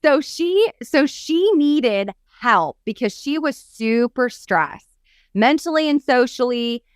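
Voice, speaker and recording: A woman's voice: high-pitched, slow pace, smooth, dry recording, clean studio sound. A woman coach co-hosting a podcast in a casual chat, telling stories with a lot of animation. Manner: animated storyteller who acts out quotes. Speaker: podcast co-host and business coach.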